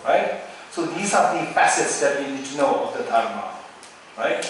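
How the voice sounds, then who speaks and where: A man's voice: medium pitch, expressive, normal speed, fairly bright tone. A man with a Tibetan accent giving a Buddhist Dharma teaching, repeating words and asking "right?" as he goes. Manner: repetitive, rhetorical questions with "right?". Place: retreat teaching hall. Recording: very echoey hall, distant mic, faint noise.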